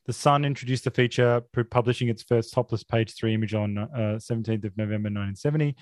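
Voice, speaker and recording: A man hosting a film podcast, talking in a sarcastic, mock-outraged deadpan. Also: mid-range voice, fast talker, no echo, studio quality. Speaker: podcast host. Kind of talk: casual film review chat.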